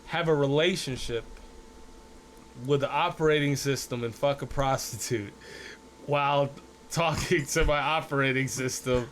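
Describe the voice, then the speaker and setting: A man's voice: mid-range voice, a little slow, a bit bright. Profane stammering man, podcast co-host. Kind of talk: casual crude chat.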